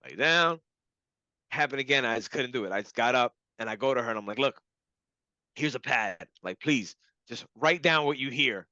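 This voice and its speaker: A young adult man, a client of a hypnotherapist, telling a casual story with animated laughter and acted-out quotes. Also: medium pitch, normal speed, no echo, muffled recording.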